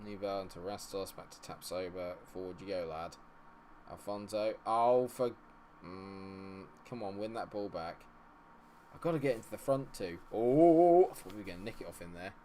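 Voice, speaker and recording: A man giving live commentary on a football management game, chatting with viewers and reacting loudly to the match. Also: low voice, normal speed, a little hiss or hum. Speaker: streamer.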